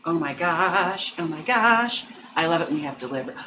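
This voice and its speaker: A man's voice: a little high, expressive, brisk, over music. A man from Wisconsin who performs in drag, chatting on a casual home livestream, campy and dramatic with sudden gasps and sassy asides. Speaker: drag queen and wig stylist streaming live.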